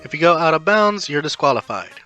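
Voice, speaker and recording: A man voicing an official male tournament announcer who booms out the rules. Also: sing-song, brisk, sharp tone, highs cut off, faint music behind. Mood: announcing. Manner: booming, announcing.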